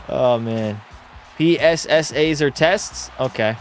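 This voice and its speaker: A man's voice: mid-range voice, drawn-out words, pauses often, soft background music. Laid-back man calling hockey on stream. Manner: laid-back, reads chat aloud and answers it. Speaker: streamer hosting a hockey watch party. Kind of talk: casual live-stream commentary and chat reading.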